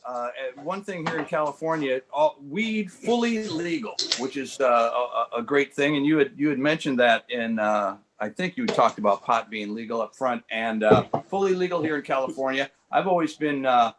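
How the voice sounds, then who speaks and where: A man in his sixties telling comic stories over a video call, rambling and halting with lots of fillers and dry, self-mocking punchlines. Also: mid-range voice, a bit bright, slight background noise. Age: 60s. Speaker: comedian guest. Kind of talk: stand-up storytelling.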